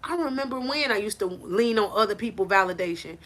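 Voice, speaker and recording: A woman life coach gives a motivational faith talk on a live stream. Her talk is preachy and animated, and it often rises to near shouting. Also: mid-range voice, fast talker.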